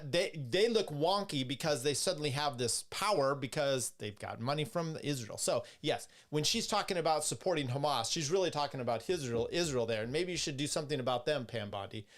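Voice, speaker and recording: A young man with a mid-range, fairly bright voice hosts a podcast, offering casual commentary on clips. He rambles and turns sarcastic, frequently restarting and tossing in asides.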